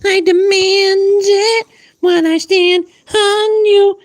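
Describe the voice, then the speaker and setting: A squeaky bossy pet dog. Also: male voice, level tone, dry recording, full character voice. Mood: demanding. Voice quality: squeaky high put-on voice. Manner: slow, bossy demanding. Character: pushy attention-demanding pet dog.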